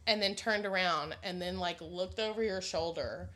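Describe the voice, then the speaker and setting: A woman's voice: lowish voice, normal speed, a bit bright. A woman in her thirties, a mother co-hosting a podcast, telling family stories in a casual, blunt way, laughing often and swearing freely. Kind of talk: casual storytelling chat.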